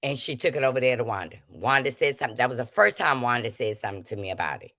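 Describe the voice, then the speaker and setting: A woman's voice: extremely low pitch, very animated, quick pace, fairly bright tone, no echo, clean studio sound. A woman hosting a livestream, calling people out to her chat and switching between anger and preachy talk of prayer and forgiveness. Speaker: livestream host.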